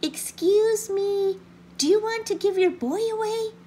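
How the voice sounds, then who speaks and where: A woman's voice: a little high, expressive, measured pace, dark tone, slight background noise, voice pushed up. A woman voicing an eager, polite little male puppy in a storybook reading. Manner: hopeful, polite, chatty.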